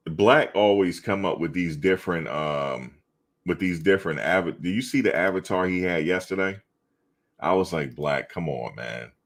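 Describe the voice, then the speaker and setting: A middle-aged man hosting a casual live sports chat, bantering with viewers in an animated, slangy, repetitive way. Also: low voice, normal speed. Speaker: live show host reading chat.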